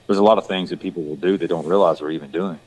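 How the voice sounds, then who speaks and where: Southern man, very low voice, rambling casual talker. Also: very fast, darkish tone, poor audio. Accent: Southern US country. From rural Georgia, west of Atlanta. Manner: rambling, many fillers and restarts. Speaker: actor guest. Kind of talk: casual chat.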